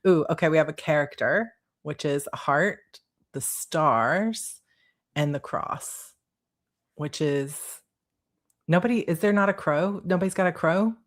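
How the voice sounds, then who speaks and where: Woman author on a livestream, low voice, bubbly, laughs a lot, reading chat. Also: lively intonation, unhurried. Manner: bubbly, giggly, reads chat aloud.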